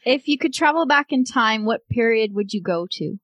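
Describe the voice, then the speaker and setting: A woman co-hosting a running podcast, asking quick questions and laughing often. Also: fairly high pitch, expressive, no echo, dull audio. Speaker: podcast co-host, runner. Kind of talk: casual podcast interview.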